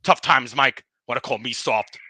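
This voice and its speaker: A man's voice: mid-range voice, normal speed, pushed and bright, husky, no room sound. A man voicing a tough-talking bowling ball in a comedy podcast skit, griping and boasting as he trash-talks and keeps saying the host's name. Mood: aggrieved. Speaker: guest.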